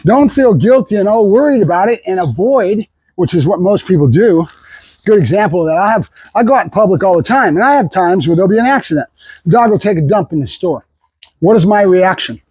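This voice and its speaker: A middle-aged dog trainer talking casually and bluntly to the camera, repeating himself with fillers and restarts. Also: male voice, high voice, expressive, brisk, a little mellow, slightly rough, dry recording, rough recording.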